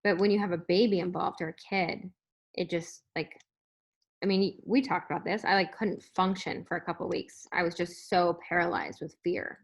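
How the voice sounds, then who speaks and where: A woman's voice: lowish voice, fairly even intonation, moderate pace. A woman talking openly over a video call in casual, rambling chat, with lots of filler words. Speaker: guest at an online moms' meet-up.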